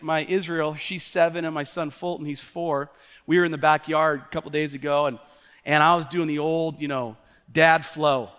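Thirties male pastor preaching, relaxed anecdotal delivery with fillers, slightly high pitch, long hall reverb. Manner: casual storytelling with many fillers. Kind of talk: sermon. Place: church auditorium.

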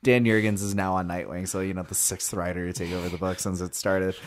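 A man co-hosting a casual podcast chat in a small echoey room, animated and prone to shouted outbursts. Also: low-pitched, fast. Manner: animated, bursts into shouted exclamations. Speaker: podcast co-host. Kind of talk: casual comic book chat.

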